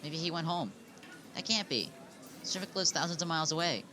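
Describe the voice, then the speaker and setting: A man's voice: fairly high pitch, fairly quick, background noise, lightly acted. A man voicing a stern woman camp leader in a game he is reading aloud. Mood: worried. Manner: firm, lecturing tone. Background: background music.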